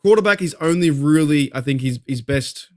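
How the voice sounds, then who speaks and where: A man's voice: a little high, normal speed, darkish tone. A man with an Australian accent hosting a casual fan talk show, fired up and rambling, swearing freely as he vents. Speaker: podcast host.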